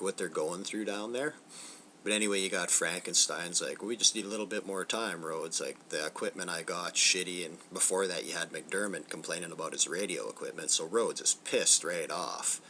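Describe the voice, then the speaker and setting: A man with a low voice and a sharp tone hosts a channel where he reviews films casually, loose and profane, acting out snippets of movie dialogue as he goes. A little hiss or hum sits under the recording.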